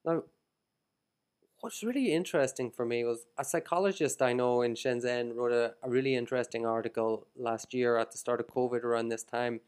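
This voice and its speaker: Irish man, podcast host, casual chat, animated, mid pitch. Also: brisk, smooth. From Ireland.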